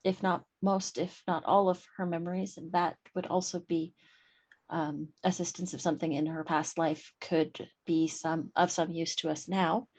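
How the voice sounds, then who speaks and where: A woman speaking in character at a tabletop game, slow and halting with many ums. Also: on the low side, little pitch movement, a little mellow. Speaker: player.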